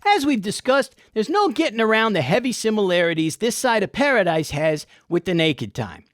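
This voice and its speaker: A man's voice: high voice, very animated, normal speed, dry recording, faint music behind. A man hosting a comic episode review, with irreverent, folksy and profane wit. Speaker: host.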